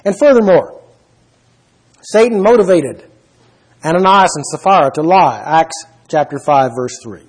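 Husky high-voiced man preaching a Bible sermon. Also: lively intonation, measured pace, pauses often, poor audio. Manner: emphatic, asks the listeners questions.

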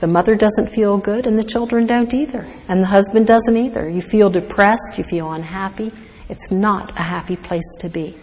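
A woman's voice: mid-range voice, normal speed, darkish tone, long reverb tail, a little hiss or hum, rough recording. A woman giving a devotional teaching talk to mothers, earnest and full of rhetorical questions. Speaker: speaker to mothers.

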